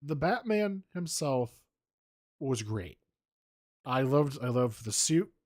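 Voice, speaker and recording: A man's voice: medium pitch, big pitch swings, slow pace, no echo, clean studio sound. A man co-hosting a casual movie podcast, rambling playfully and mimicking characters. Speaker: podcast co-host.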